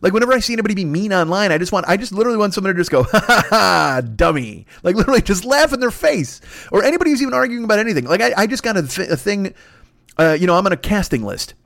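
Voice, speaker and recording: A man hosting a solo comedy podcast, ranting in a profane, exasperated way that climbs into high indignant bursts. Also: lively intonation, very fast, fairly bright tone, no echo, clean studio sound. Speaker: podcast host.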